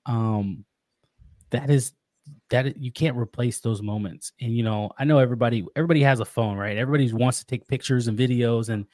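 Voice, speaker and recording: Earnest, halting man, dry sound. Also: medium pitch, a little mellow, dry recording. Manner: earnest and reflective, halting with frequent restarts. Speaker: podcast guest, father of daughters. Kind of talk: casual interview talk.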